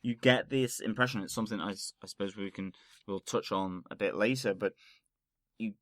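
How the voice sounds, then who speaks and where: A man's voice: fairly low pitch, fairly quick, a bit bright, dry recording. A man co-hosting a film review podcast, talking in a rambling, casual way with frequent restarts. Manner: rambling, restarts phrases, laughs easily. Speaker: podcast co-host.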